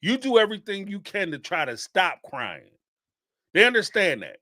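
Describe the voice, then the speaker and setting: A man with a high voice hosts a reality-TV call-in show, talking in a casual, sarcastic and animated way. He laughs often, and the sound is close and dry. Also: normal speed, dry recording. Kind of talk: casual commentary.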